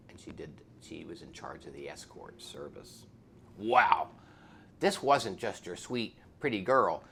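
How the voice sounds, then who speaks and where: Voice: deep voice, gravelly, a bit bright, a little hiss or hum. A police officer giving an earnest, preachy spoken testimony.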